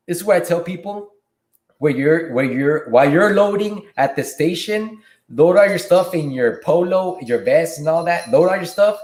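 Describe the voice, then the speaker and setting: A man with a fairly high voice hosts a casual livestream Q&A from a room at home. He reads viewer questions out loud and answers them in a relaxed, laid-back way. His voice rings in a bouncy, echoey room. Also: normal speed. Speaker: livestream host and delivery driver.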